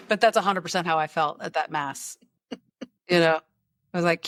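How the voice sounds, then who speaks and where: A woman's voice: medium pitch, expressive, moderate pace, fairly bright tone, no room sound. Chatty woman podcast host, dry close sound. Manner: chatty, storytelling with asides and impressions. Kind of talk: casual chat.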